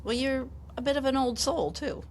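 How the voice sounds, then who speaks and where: An older woman who teaches high school business talks casually as a guest. She is encouraging and laughs along. Her voice is slightly high, and faint background noise sits under it. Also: normal speed. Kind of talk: casual chat.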